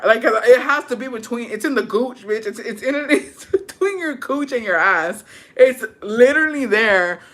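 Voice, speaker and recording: Bright-voiced, foul-mouthed woman chatting. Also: a little high, expressive, normal speed. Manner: crude, profane, laughing storytelling; mixes Spanish words into English. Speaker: content creator reading viewer stories. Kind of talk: casual chat.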